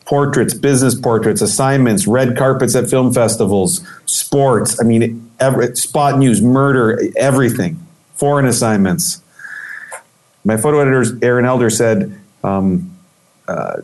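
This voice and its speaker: A man's voice: mid-range voice, unhurried. A middle-aged man in a casual interview, telling a long story with lots of life and playing out the people in it. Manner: animated anecdotal storytelling, acts out quoted voices. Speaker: interview guest, photographer.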